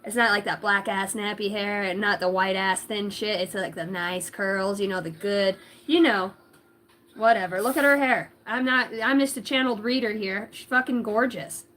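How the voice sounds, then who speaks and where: A woman's voice: medium pitch, steady tone, normal speed, a bit bright. A woman doing a casual livestream tarot reading, giggly and rambling, cussing freely. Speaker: tarot reader.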